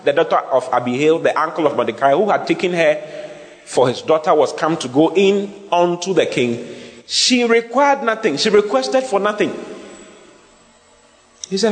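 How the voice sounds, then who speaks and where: A man preaching a sermon and teaching Bible words, speaking in an animated way, spelling out terms and laughing often. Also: a little high, normal speed, in a large hall.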